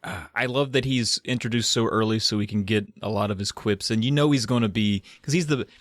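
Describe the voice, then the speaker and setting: A man's voice: fairly low pitch, fairly quick, no room sound, studio quality. A man in his forties, a podcast guest reflecting casually on a movie. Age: 40s. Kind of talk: casual chat.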